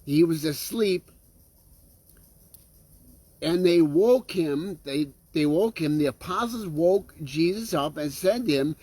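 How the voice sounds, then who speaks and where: Slow, earnest male preacher. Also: on the high side, expressive, darkish tone, dry recording. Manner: earnest, checks in with listeners with frequent "okay?" and "right?"; repeats and restarts phrases. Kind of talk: sermon.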